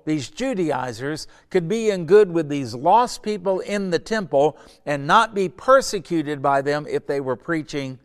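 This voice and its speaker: A middle-aged pastor teaching a Sunday school Bible lesson, earnest and conversational, building to emphatic points. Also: male voice, on the high side, clean tone.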